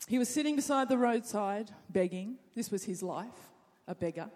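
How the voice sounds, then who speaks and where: A woman's voice: medium pitch, lively intonation, normal speed. Woman preacher in a reverberant hall. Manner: dramatic, swings from hushed to loud. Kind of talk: sermon.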